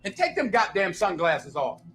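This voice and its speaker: This is a stern crime boss in a film drama. He repeats his commands with a high, lively pitch. Loud score music plays under him. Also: moderate pace. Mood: commanding. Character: stern drug-boss man scolding a younger relative.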